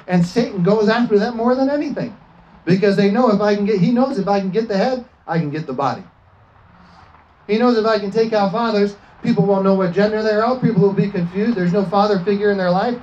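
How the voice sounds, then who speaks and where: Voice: medium pitch, a little fast, darkish tone, muffled recording. A preacher giving a fervent sermon, often asking the congregation for an amen and slipping into acted quotes.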